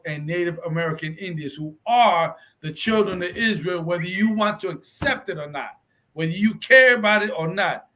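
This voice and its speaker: High-voiced guy preaching a bible lesson, pushy, keeps saying right, flips into spanish. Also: sharp tone, poor audio. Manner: emphatic, keeps asking "right?" for agreement; switches between English and Spanish mid-sentence. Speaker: religious instructor. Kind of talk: confrontational street-style Bible lesson.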